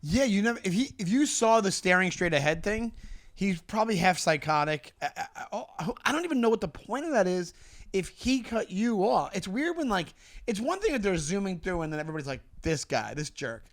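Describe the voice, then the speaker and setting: This is a man in his thirties, raised around New York, chatting on a comedy podcast. His voice sits a touch high and swoops up and down with animated, teasing energy. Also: dry recording, studio quality. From New York area. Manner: animated, teasing, quick laughs. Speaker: podcast co-host. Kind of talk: casual comedic chat.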